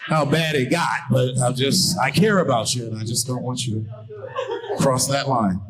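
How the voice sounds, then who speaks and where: A man performing a stand-up comedy set on stage, telling profane stories loudly and baiting the crowd. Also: medium pitch, very animated, measured pace, low-quality recording. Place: comedy stage before a live audience. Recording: live crowd laughter and applause. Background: audience laughing and clapping.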